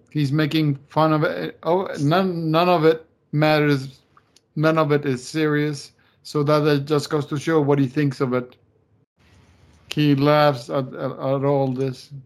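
A man's voice: fairly high pitch, steady tone, a little slow. A man co-hosting a casual talk show, explaining his view in plain terms. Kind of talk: casual political chat.

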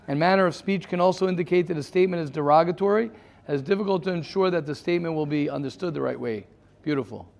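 A man leading a study class in a fairly high voice. He restarts his sentences often and drops Hebrew terms into his English as he lectures and takes questions. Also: gravelly. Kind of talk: interactive lecture.

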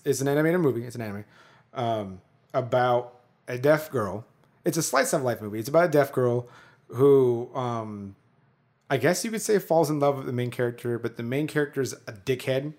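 A man in the middle pitch range co-hosts a relaxed podcast conversation. He talks loosely, laughing now and then and filling pauses with ums. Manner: chatty, laughs often, frequent fillers. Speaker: podcast co-host. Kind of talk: casual chat.

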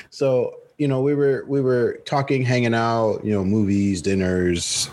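A man telling a long story in casual chat, acting out the people in it. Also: slow pace. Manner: animated storytelling, acts out friend in high voice. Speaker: storyteller guest.

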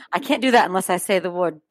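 A woman's voice: fairly low pitch, animated, fairly quick, no echo. A woman co-hosting a podcast, reading a true-crime story from her notes with chatty asides and frequent laughs. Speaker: podcast co-host.

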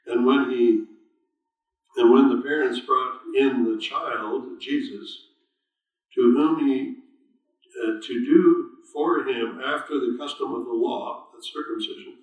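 Man teaching scripture in a cavernous room. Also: mid-range voice. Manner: conversational, quizzes listeners, reads scripture aloud with stresses. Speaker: Bible teacher. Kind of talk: informal Bible study sermon. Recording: very echoey room, voice far from mic.

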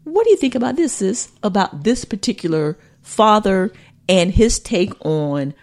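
A woman's voice: medium pitch, big pitch swings, moderate pace, a little mellow. A woman co-hosting a casual talk show, chatty and playful as she sets up a viral video. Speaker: podcast co-host. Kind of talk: casual chat.

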